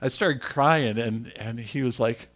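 Bright-voiced older male preacher. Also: medium pitch, measured pace. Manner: animated, emotional, self-deprecating storyteller. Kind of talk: sermon with personal storytelling.

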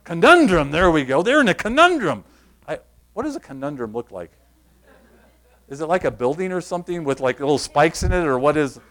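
Emphatic man preaching, fairly high voice. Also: sing-song, brisk, fairly bright tone. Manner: conversational, emphatic, repeats key phrases, quizzes the congregation. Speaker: pastor. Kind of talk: sermon.

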